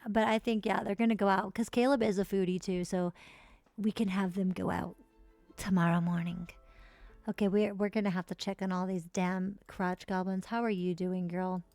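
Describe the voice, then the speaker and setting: A woman streaming live gameplay, chatting casually and cursing freely while voicing her characters in quick high asides. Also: little pitch movement, darkish tone, dry recording. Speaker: streamer playing a life-simulation game.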